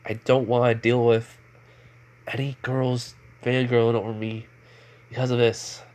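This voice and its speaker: Man reading as a young ninja hero, calm, plain everyday voice, fan story. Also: medium pitch, a little slow, natural voice.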